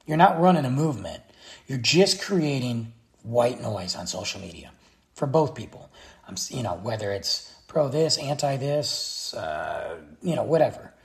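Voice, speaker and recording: A man's voice: medium pitch, very animated, normal speed, a little mellow. A man giving a blunt, exasperated opinion rant straight to his viewers. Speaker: vlogger. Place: Texas.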